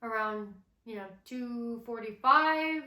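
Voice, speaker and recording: A young woman telling a personal story to the camera in a relaxed, chatty way, with plenty of fillers. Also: on the high side, takes it slowly. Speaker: vlogger co-host. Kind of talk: casual storytelling chat. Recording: roomy echo.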